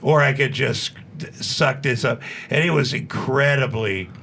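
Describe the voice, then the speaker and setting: Gravelly older man telling rambling stories. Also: medium pitch, a little slow, a bit bright, slight background noise. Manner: rambling, with many restarts and acted-out quotes. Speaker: guest. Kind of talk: casual storytelling.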